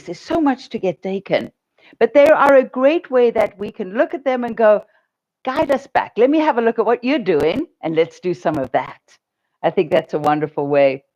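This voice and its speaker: A woman minister giving a sermon, telling stories in an animated way and laughing often. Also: medium pitch, rough recording.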